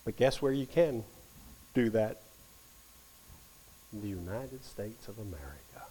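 Animated man teaching a Bible study. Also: on the low side, unhurried, slight background noise, rough recording. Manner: animated, swings from loud emphasis to near whisper.

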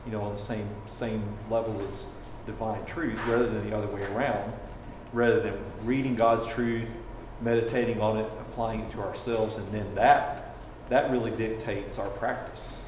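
Male class member, low voice, thinking aloud, roomy reverb, audible background noise. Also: fairly even intonation, moderate pace, a little mellow. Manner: thoughtful, restarts phrases as he works out his answer. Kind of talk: answering in a Bible class. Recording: echoey hall, off-mic, noisy.

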